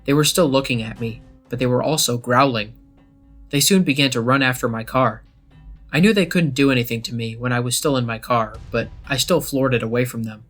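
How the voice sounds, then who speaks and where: A man telling a first-person horror story as scripted narration, in a steady, measured way. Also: mid-range voice. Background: faint background music.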